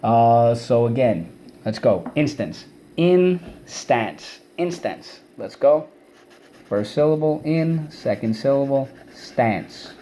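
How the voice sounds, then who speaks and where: A male teacher giving an online vocabulary lesson to kids, energetic and repeating words and syllables for students to say back. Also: medium pitch, measured pace, slight background noise.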